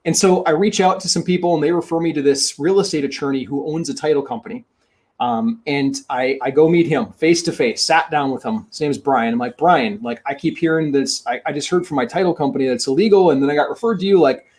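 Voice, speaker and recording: Man, real estate coach, emphatic, energetic, fairly high voice, webinar lesson. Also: brisk. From Minnesota. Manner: energetic, emphatic, repeats phrases. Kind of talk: teaching a webinar.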